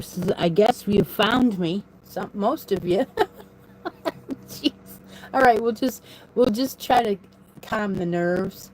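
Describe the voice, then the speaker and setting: A woman's voice: medium pitch, darkish tone, slight background noise, rough recording. A woman hosting a casual live stream, rambling and laughing often, speaking into a phone propped on her desk in a room at home. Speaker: crochet channel host.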